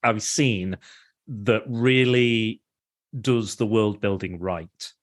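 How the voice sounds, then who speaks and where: A man's voice: on the low side, takes it slowly. A man hosting a casual podcast about a film, enthusiastic and rambling with frequent restarts. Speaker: podcast host. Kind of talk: casual film review chat.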